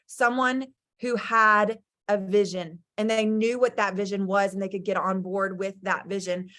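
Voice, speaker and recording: A woman's voice: medium pitch, a bit bright. A woman speaking on a team video call, emotional and passionate as she shares her lessons. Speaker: team leader. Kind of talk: motivational talk on a team call.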